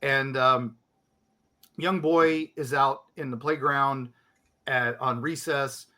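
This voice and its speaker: A man's voice: medium pitch, fairly even intonation, slow pace, sharp tone. A man co-hosting a podcast, chatting casually and animatedly, acting out other people's reactions as he tells a story.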